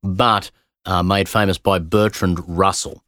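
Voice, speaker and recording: A man's voice: low-pitched, fairly even intonation, unhurried, fairly bright tone, no echo, studio quality. A man hosting a science podcast, explaining a puzzle in a playful, teasing way. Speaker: podcast host. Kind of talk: casual science chat.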